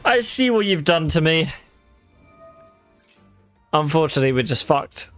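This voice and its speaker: A man's voice: fairly high pitch, expressive, unhurried, fairly bright tone, faint music behind. A man giving casual, wry commentary on his own gameplay, swearing freely and talking straight to his viewers. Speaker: gaming video creator.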